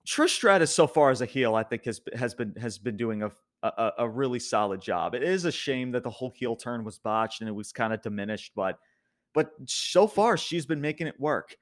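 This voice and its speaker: A man's voice: mid-range voice, lively intonation, moderate pace. A young man casually recapping a wrestling show as a podcast host, rambling with many restarts and frequent laughs.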